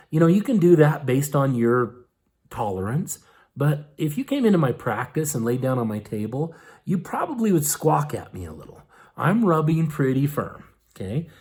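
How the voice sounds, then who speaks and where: A man's voice: on the high side, darkish tone. A man giving a casual, folksy hands-on health lesson, with lots of fillers and "okay?" check-ins. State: eyes tearing up from ointment vapors. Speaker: herbal health teacher.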